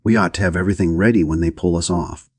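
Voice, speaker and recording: An easygoing, plain-spoken man, read by a male narrator in an audiobook. The voice is deep and husky and unhurried. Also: a little mellow, no room sound.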